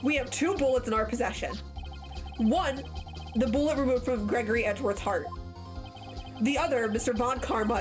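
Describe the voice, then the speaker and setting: A woman voicing a confident young male defense lawyer in a steady, dramatic read-aloud, with game music behind. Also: a little high, lightly acted.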